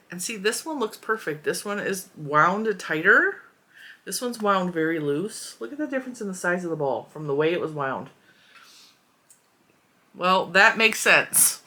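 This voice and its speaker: Chatty woman with a low, bright voice. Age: 40s. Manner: chatty, candid, playfully blunt. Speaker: yarn review host. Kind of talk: casual review vlog.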